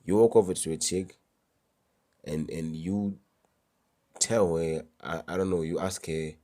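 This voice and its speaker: Male vlogger, low voice, mellow tone, slangy and emphatic, casual advice delivery. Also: fairly even intonation, measured pace, pauses often. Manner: slangy, emphatic, repeats key words.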